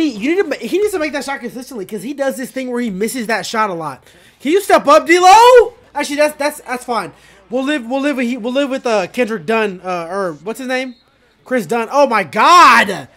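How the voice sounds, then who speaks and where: A high-pitched man reacts to a basketball game as it happens. He calls out to players by name, cheers big plays and grumbles about poor defense, often with profanity. His voice is light and sits high for a man. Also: brisk. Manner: loud, excitable, shouting at players, profane. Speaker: sports reaction host. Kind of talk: live game reaction commentary.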